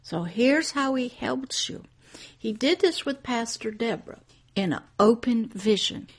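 A woman pastor telling a personal testimony in a hushed, emotional way as part of a teaching. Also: a little high, animated, unhurried.

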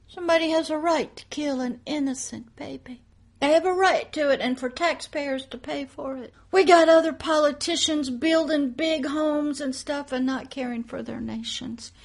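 A woman pastor preaching a monologue, emphatic, moving between loud declarations and hushed asides. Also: sits high.

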